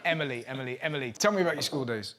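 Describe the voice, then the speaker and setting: A man hosting a comedy show, riffing excitably and swearing freely with members of a studio audience. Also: mid-range voice, rapid-fire, a crowd in the background. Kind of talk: joking banter with the studio audience. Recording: studio audience noise behind.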